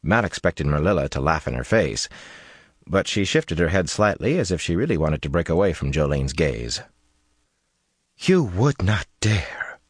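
Deep-voiced male audiobook narrator. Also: lively intonation, normal speed, breathy edge, no echo, clean studio sound. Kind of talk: scripted narration.

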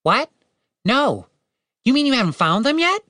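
A man's voice: very high-pitched, very animated, unhurried, sharp tone, dry recording, clean studio sound, voice pushed up, exaggerated voice. A man voicing a patient, earnest halfling man who speaks in a matter-of-fact way in an audiobook. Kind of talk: audiobook character voice.

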